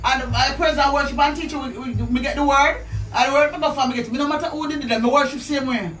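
Animated Jamaican woman in an echoey room. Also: high-pitched, fast, recorded from a distance, faint music behind. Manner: animated, rambling, speaks in patois with many restarts. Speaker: storyteller telling her side of a dispute. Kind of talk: casual spoken storytelling.

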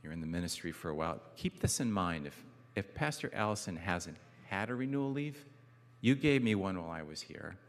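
A man delivers a conversational sermon from a church pulpit, his voice a little low. Long reverb from the sanctuary trails his words as he mixes gentle jokes with earnest points, falling soft and low on key phrases. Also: sing-song, a little fast. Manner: conversational preaching with self-deprecating humor. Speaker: guest pastor.

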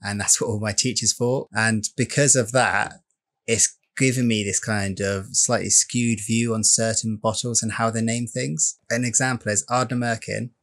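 A man's voice: on the low side, fairly even intonation, moderate pace, fairly bright tone. A man in a casual chat, agreeable and a little rambling, laughing easily. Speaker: guest whisky reviewer.

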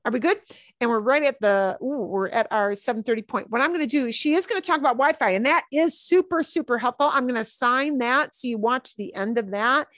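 A woman's voice: fairly high pitch, a little fast, a bit bright, no room sound. Chatty woman teaching Spanish, dry sound. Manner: chatty, mixes Spanish phrases into English explanations. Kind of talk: online class lesson.

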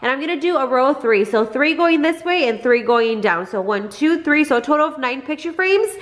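A woman's voice: high-pitched, animated, brisk. A young woman vlogging about her family in casual chat, with a stuffy nose and lots of "like" and "guys".

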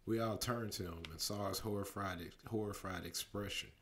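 A man reading a storybook aloud as a bedtime story, steady narration broken by lively voices for the characters. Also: on the low side, normal speed.

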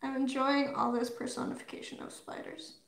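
A woman's voice: high voice, flat delivery, fairly quick, vocal fry. A woman hosting a painting livestream, chatting casually and playfully with viewers. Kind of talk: casual chat while painting. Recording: roomy echo.

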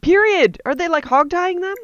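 A woman's voice: very high voice, moderate pace, dry recording, dull audio. A woman co-hosting a comedy podcast, reacting to a story with teasing, incredulous comments. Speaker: podcast co-host.

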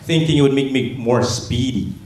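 A man performing a stand-up comedy set on a gala stage, telling stories in a deadpan way and mimicking family members' voices. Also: mid-range voice, normal speed. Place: gala stage before a laughing audience. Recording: echoey hall with audience noise.

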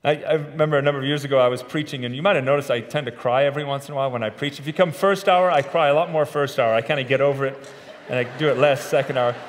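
A middle-aged pastor preaches a sermon in a conversational way, mixing personal stories with self-deprecating humor, inside a large church sanctuary. His medium-pitched voice is fairly even in intonation and rapid-fire. The recording carries the long reverb of a church hall.

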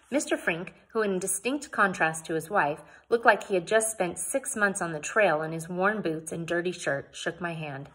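A woman's voice: fairly low pitch, normal speed, hardly any pauses, a bit bright, husky. A woman reading a novel aloud, narrating plainly and adding casual asides of her own. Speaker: audiobook reader.

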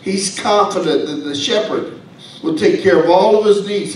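High-voiced preacher in an echoey church. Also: male voice, moderate pace, recorded from a distance, a little hiss or hum. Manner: folksy, humorous preaching with asides to the congregation. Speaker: pastor. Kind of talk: sermon. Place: church sanctuary.

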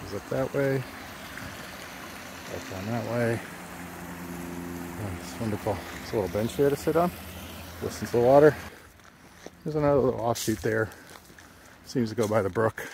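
An older hiking vlogger narrates casually on a wooded trail by a stream, short of breath and thinking aloud with lots of fillers. His creaky, medium-pitched voice moves at a moderate pace with long pauses. The noisy outdoor camera audio carries running water and nature ambience.

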